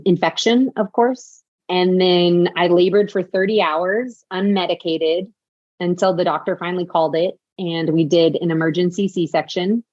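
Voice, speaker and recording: A woman recounts a personal story as a podcast guest, in a lively voice that jumps up whenever she acts out what she said. She fills her sentences with "like". The sound is dry and slightly dull. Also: lowish voice, no room sound. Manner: animated, acts out quoted dialogue, frequent "like". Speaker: podcast guest, author and speaker.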